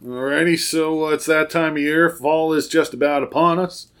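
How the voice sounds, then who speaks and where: A man's voice: fairly high pitch, steady tone, normal speed, a bit bright, clean tone. A man co-hosting a casual podcast, reviewing a beer and laughing often between his lines. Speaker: podcast co-host.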